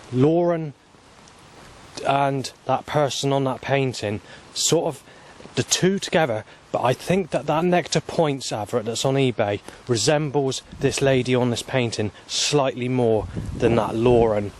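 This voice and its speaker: A man, rambling and swearing as he walks outdoors filming on his phone, at times flaring into angry shouting. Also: mid-range voice, measured pace, a little hiss or hum. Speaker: vlogger. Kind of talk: rambling walking vlog monologue. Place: outdoors, walking along paths. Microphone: handheld phone camera.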